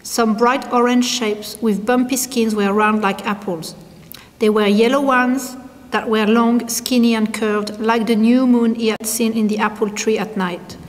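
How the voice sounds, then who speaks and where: Brief: female storybook reader, slightly high voice, long echo around her. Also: fairly even intonation, measured pace. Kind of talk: storybook narration. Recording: long hall reverb.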